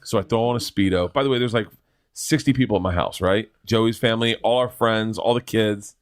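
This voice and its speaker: A middle-aged man, a guest in a casual chat, telling a story in an animated, rambling way with many restarts. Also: lowish voice, a little fast.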